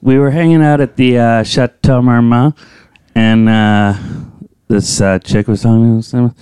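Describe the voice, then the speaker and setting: A man's voice: medium pitch, fairly even intonation, unhurried, mellow, clean tone, no room sound, studio quality, close to an everyday voice. A man doing an impression of a laid-back, sarcastic male comedian, drawling and trailing off with fillers. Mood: smug.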